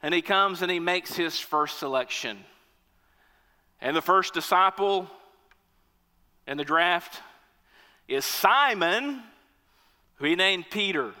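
A man preaching a sermon, lively, acting out the reactions of an imagined crowd in raised voices. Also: high-pitched, slow pace, long pauses, long reverb tail.

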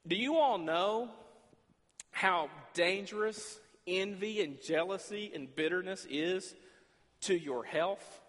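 A man delivers a sermon as pastor from a large church sanctuary, his fairly high voice carrying a long echo off the hall. He acts out dialogue in different voices and swings between loud and quiet passages. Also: takes it slowly. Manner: preaching with shifting volume, acting out dialogue with God.

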